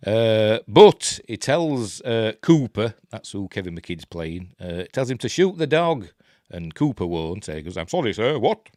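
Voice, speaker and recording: Yorkshire male host, casual webcam chat, low voice, dry sound, lots of pitch movement. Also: very animated, measured pace, warm tone, no room sound. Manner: rambling, chatty, self-interrupting. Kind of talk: casual live film commentary.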